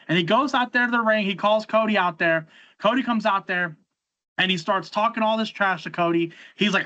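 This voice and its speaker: High, bright-voiced rambling man. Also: brisk. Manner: rambling storyteller, many restarts and repeated words. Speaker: podcast host. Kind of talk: casual podcast chat recapping wrestling shows. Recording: slightly dull lo-fi recording.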